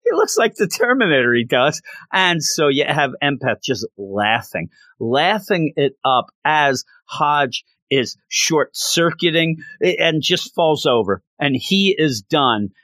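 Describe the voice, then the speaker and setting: A man giving a casual recap of a story, animated and often restarting his sentences. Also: a little high, slow, no echo. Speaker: comic book commentator.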